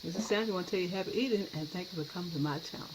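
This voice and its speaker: A woman's voice: on the low side, racing. Chatty woman cooking in a noisy kitchen. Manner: chatty and enthusiastic, tastes food on camera. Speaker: cooking channel host. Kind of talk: casual cooking demonstration. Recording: noisy kitchen with clattering dishes.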